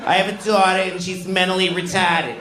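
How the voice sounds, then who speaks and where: A man squeaking as a crude schoolteacher lady. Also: little pitch movement, fairly quick, sharp tone. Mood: blunt. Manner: shrill, matter-of-fact, cursing. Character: blunt crude 1970s woman schoolteacher. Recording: echoey live club with crowd noise.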